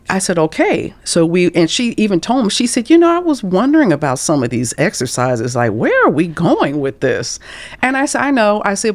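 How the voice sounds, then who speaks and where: A woman in her fifties from St. Louis, a career coach telling stories as a guest in an interview, expressive and acting out quoted voices with chuckles. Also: on the low side, no room sound. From St. Louis, USA. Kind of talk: storytelling interview talk.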